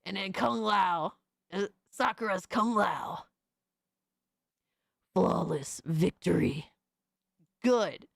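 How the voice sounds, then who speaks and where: A young adult woman streamer doing profane, excitable reaction commentary, often shrieking in disbelief. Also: fairly low pitch, slow pace, gravelly, long pauses, dry recording, clean studio sound.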